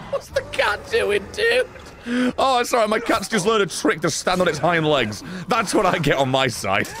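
A man doing gameplay commentary, loud and sarcastic, swearing and shouting at the game. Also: high-pitched, expressive, normal speed. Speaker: gaming streamer.

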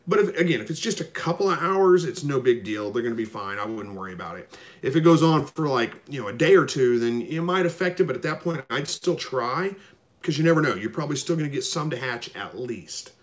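A man hosting a live stream, reading viewer comments and answering them in a relaxed, rambling way with lots of ums. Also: mid-range voice, brisk. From Missouri. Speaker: livestream host answering viewer questions. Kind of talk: casual live chat, reading comments aloud.

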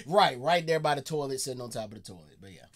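A man's voice: a little high, heavy background noise. An American man chatting casually while reacting to a comedy clip, laid-back and slangy. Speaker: reaction video host.

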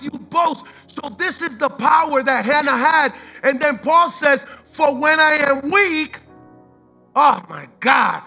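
A man's voice: extremely high pitch, expressive, takes it slowly, creaky, pushed and bright, faint music behind. A man preaching a sermon as pastor, fervent and repetitive, mixing in street slang and the odd line of Spanish.

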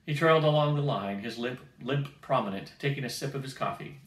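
An older man reading a novel aloud to family in a steady manner, recorded from a distance in a roomy space. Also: on the low side, fairly quick, hardly any pauses. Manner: steady reading, occasional throat clearing.

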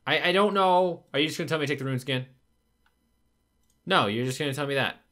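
A man's voice: fairly high pitch, fast, long pauses, pushed and bright. A man narrating his own gameplay, frustrated and swearing as he talks to himself. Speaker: gaming video creator. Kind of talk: gameplay commentary.

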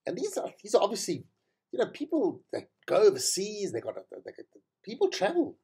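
A man's voice: high-pitched, huge pitch swings, a little fast, creaky, mellow, breathy edge. A middle-aged man hosting his own show, talking in a casual, rambling solo monologue with frequent self-corrections. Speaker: show host.

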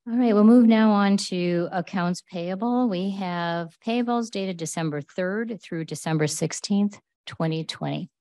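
A woman chairing a public board meeting, running through agenda items in a brisk, procedural way. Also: medium pitch, warm tone. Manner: brisk, procedural, light laughs.

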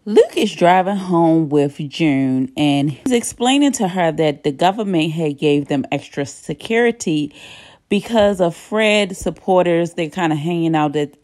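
A woman's voice: lowish voice, expressive, unhurried, a little mellow, no echo. A woman giving a casual TV episode recap, blunt, slangy and opinionated. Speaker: TV recap vlogger.

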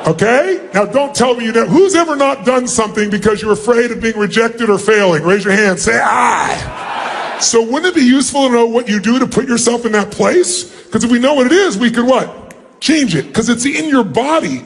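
A man's voice: very high-pitched, animated, slightly rough, raised voice. A man giving a live motivational seminar to a large crowd, commanding the audience and calling for their responses. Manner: acts out quick mock greetings. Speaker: motivational speaker. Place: large auditorium.

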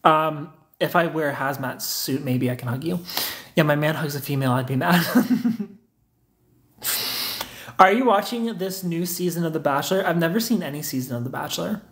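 A man's voice: on the high side, moderate pace, fairly bright tone. A young man, hosting a casual livestream, reading chat comments aloud and teasing viewers in a joking way.

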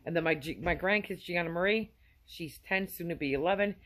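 A woman's voice: fairly low pitch, fairly quick, a bit bright. A woman in her fifties sends effusive, rambling holiday greetings to her viewers from her home. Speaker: vlogger.

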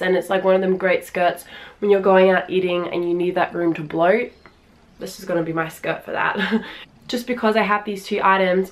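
A woman in her early twenties with an Australian accent, chatting in a try-on haul video at home, gushing and filling her talk with "like" and "um". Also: mid-range voice. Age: early 20s. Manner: chatty and gushing, many fillers. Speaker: fashion vlogger.

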